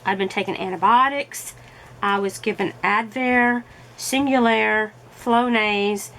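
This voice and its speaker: A middle-aged woman talks through her story in a relaxed, chatty vlog, her voice sitting a little high. She fills pauses with easy ums and uhs, and a faint background noise runs under the recording. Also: vocal fry, rough recording. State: recovering voice. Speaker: crafting vlogger. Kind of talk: casual chat while crafting.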